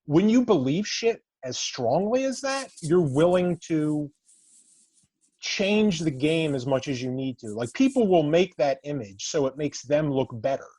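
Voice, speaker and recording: A man co-hosting a casual podcast, explaining his view in a measured way. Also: a little high, lively intonation, darkish tone, no echo. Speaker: podcast co-host. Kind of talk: casual chat.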